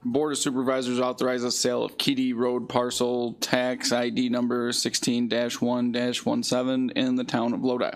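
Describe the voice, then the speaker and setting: A man, a county supervisor, reading resolutions aloud in a plain, steady manner. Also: medium pitch, moderate pace, hardly any pauses.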